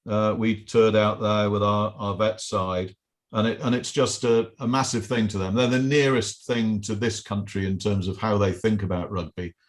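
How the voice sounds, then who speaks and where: A man's voice: lowish voice, fairly even intonation, moderate pace. A middle-aged man, a podcast guest, chatting casually and telling rambling anecdotes with many restarts. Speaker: podcast guest, business owner. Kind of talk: casual interview chat.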